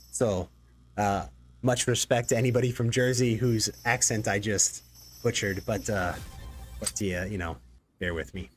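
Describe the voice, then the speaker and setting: A man's voice: lowish voice, a little hiss or hum. A man hosting a casual live stream, rambling and joking with many fillers. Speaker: executive producer and stream host.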